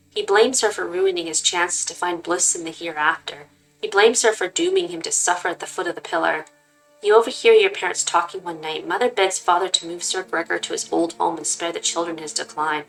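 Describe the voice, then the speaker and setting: A woman's voice: fairly low pitch, vocal fry, rough recording. Woman reading a game aloud with faint music. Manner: expressive reading, casual asides. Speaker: gaming channel host. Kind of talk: reading a visual novel aloud with comments.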